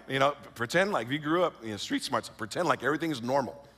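A middle-aged man from California telling a personal story in a lively, self-mocking way, full of fillers and restarts and acting out the voices he quotes. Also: a little high, fast talker. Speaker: speaker. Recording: long reverb of a large hall.

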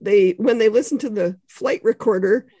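A woman's voice: mid-range voice, moderate pace, warm tone, no echo. A woman author, a podcast guest, explaining ideas in conversation with examples and frequent asides. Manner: explains ideas with examples, frequent "you know" and small laughs.

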